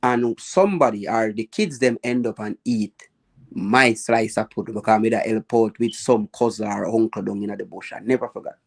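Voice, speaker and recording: A man with a Jamaican accent hosting a live chat, telling lively stories about his childhood in patois and acting out the people he quotes. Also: on the low side, moderate pace, creaky. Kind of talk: casual storytelling chat.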